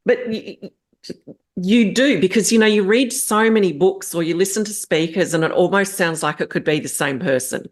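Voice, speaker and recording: A woman with a notably low voice hosting a podcast interview. She affirms her guest often and builds her questions slowly, with some false starts. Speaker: podcast host. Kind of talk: interview conversation.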